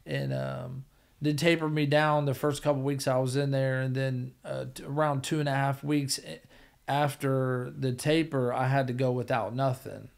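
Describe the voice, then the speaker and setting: Podcast guest: middle-aged man with a gravelly, fry-laden voice, talk blunt, profane and rambling, mid-pitched. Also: level tone, moderate pace. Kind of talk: casual storytelling.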